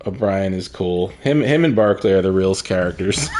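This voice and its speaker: A man's voice: sits low, lively intonation, moderate pace, a little mellow, slight background noise. A man giving casual gameplay commentary, rambling, crude and sardonic as he plays. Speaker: gaming streamer.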